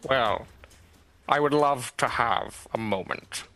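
Guy putting on a smooth creepy polite villain, slow and bright. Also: medium pitch. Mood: mock-polite. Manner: slow, mock-courteous. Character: smooth menacing male villain, mock-polite.

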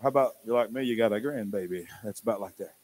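An older man preaching a sermon in church, telling a family story with animated swings from hushed to loud. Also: fairly low pitch, fast talker. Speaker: pastor.

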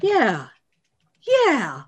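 A woman's voice: mid-range voice, wildly swooping pitch, very slow, husky. A woman playing a tabletop game, asking earnest, probing questions in character. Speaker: player.

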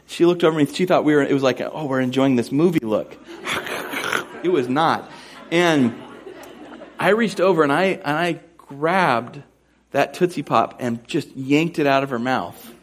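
With a fairly high pitch and a slightly slow pace, a young pastor gets animated and pokes fun at himself while telling a humorous personal story, then turns to scripture in his sermon. A little hiss or hum can be heard.

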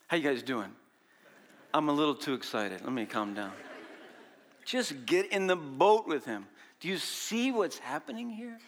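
A man preaching a sermon, animated, swinging from loud exclamations to quiet explanations and acting out the disciples' voices. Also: fairly high pitch, a little slow, pauses often. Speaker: pastor.

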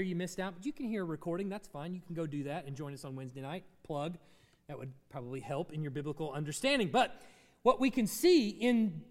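A man's voice: high-pitched, long reverb tail. A man preaching a sermon as pastor, teaching through a Bible passage and asking his congregation questions.

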